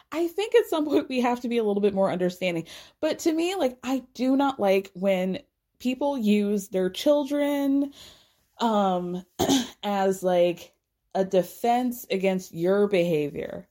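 A woman's voice: medium pitch, lively intonation, measured pace, warm tone. A young woman giving casual, sarcastic gossip commentary, swearing freely and laughing. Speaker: vlogger.

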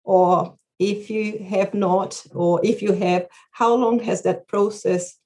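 Halting woman asking a question. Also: medium pitch, fairly even intonation, warm tone. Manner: halting, searching for words. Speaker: audience member asking a question.

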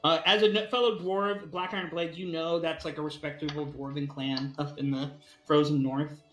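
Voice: mid-range voice, little pitch movement, normal speed. A game master talking through a tabletop role-playing scene in a loose, chatty way. The narration is full of fillers and asides. The room is echoey, with faint music in the background. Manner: rambling, with frequent fillers and laughs.

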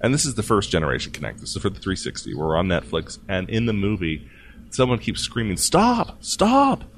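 A low-voiced man hosts a casual tech news podcast, his pitch swinging widely as he jokes and laughs his way through each story. A faint hiss sits under the recording. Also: fast talker. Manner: jokey, animated, laughs often. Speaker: podcast host.

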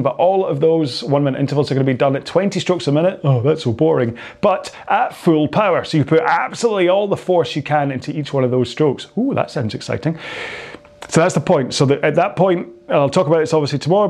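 A man with a Scottish accent and a slightly mellow voice on the high side chats casually as a rowing coach at the end of a workout. He rambles, stays chatty, and laughs easily.

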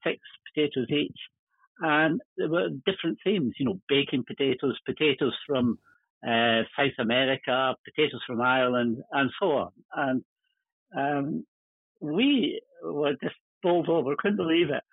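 A man's voice: mid-range voice, normal speed, no room sound. An older man, a guest, telling chuckling, rambling stories about his working life in casual conversation. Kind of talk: casual storytelling. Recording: tinny phone-line sound.

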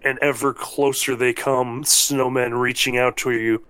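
A man runs a tabletop game, setting scenes in a calm, descriptive way. His voice sits mid-range and sounds dry and close to the mic. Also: medium pitch, clean tone, dry recording, low-quality recording. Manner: descriptive, measured narration. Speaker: game master.

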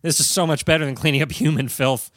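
A man's voice: fairly high pitch, fast, fairly bright tone, no echo, clean studio sound. A young man co-hosting a podcast, riffing sardonically in casual comic chat. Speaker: podcast co-host.

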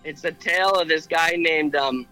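A man's voice: fairly high pitch, moderate pace, pushed and bright, clear, resonant tone, soft background music, rough recording. A man co-hosting a podcast, retelling an old legend in casual chat, with many fillers and restarts. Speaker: podcast co-host. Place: airborne helicopter.

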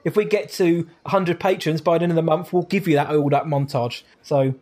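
Upbeat higher-voiced man. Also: steady tone, darkish tone. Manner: upbeat, quick, laughs easily. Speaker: podcast co-host. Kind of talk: casual chat.

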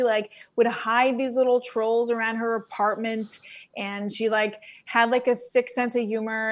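A woman from Queens, an actress, chatting casually as an interview guest, talking loosely with many likes and restarts. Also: fairly high pitch. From Queens, New York.

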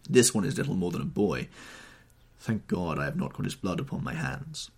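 A man's voice: deep voice, very animated, moderate pace, gravelly, husky, exaggerated voice. A man voicing a desperate young man bent on revenge, with fierce, anguished outbursts. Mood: grim.

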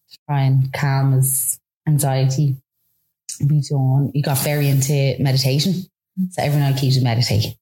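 A woman in her thirties with an Irish accent, telling a personal story in a chatty, animated way with lots of fillers. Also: a bass voice, echoey room. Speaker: guest. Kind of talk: casual storytelling.

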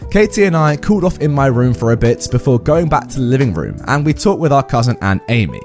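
A man's voice: medium pitch, big pitch swings, fast talker, a little mellow, soft background music. A man reading online stories aloud and commenting on them in a chatty manner. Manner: acts out quoted voices, chatty asides. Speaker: story reader and commentator.

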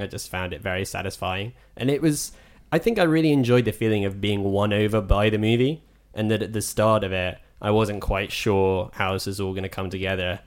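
A man co-hosting a podcast, chatting casually and swearing now and then. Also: fairly low pitch. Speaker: podcast co-host. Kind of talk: casual chat.

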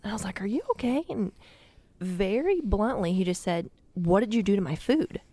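A woman guest on a podcast tells a story casually and giggles her way through it. Her pitch sits in the middle but swings widely as she talks. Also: animated, normal speed, dark tone, dry recording. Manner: giggly, often breaking into laughter mid-story.

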